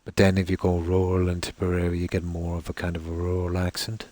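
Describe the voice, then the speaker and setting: Irish Midlands man, low voice, laid-back rambling streamer chat. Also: completely flat delivery, fast, darkish tone, dry recording. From Ireland. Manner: rambling, many fillers and "let's say". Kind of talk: casual chat with viewers while gaming.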